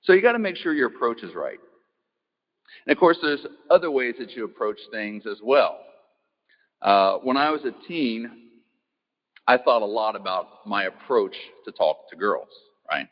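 A man giving a relaxed, folksy talk, poking fun at himself and asking the audience questions. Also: fairly low pitch. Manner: easygoing, self-deprecating, asks the audience questions. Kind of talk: folksy talk opening with a joke. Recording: muffled sound in an echoey hall.

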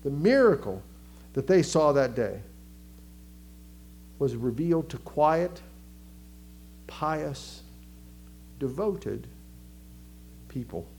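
A man preaching a sermon with a Southern American accent, animated, acting out crowd voices and dropping to a hush for emphasis. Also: on the high side, very slow, long pauses, a little hiss or hum. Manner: animated, acts out crowd voices, swings from loud to hushed. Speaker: pastor.

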